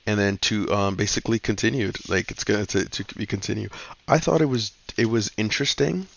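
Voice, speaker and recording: A man with a low, gravelly voice talks through his comic picks in a loose, slangy, cussing style. He gets excited as he retells plots. The recording is dull and lo-fi, with a dry, close sound. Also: a little fast. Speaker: comic book reviewer host. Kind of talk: casual comic review.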